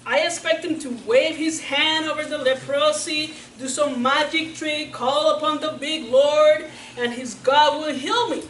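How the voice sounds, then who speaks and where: A woman preacher voicing a proud, angry foreign general who sulks and complains with high-pitched, exclamatory outbursts. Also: steady tone, measured pace, hardly any pauses, slight background noise. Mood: indignant. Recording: roomy church sound from a distance.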